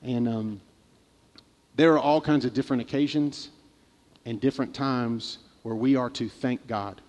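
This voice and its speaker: A middle-aged pastor preaching in a church, candid and self-deprecating, telling a story with many restarts. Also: male voice, mid-range voice, a little slow, darkish tone. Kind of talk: sermon. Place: church sanctuary. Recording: long hall reverb.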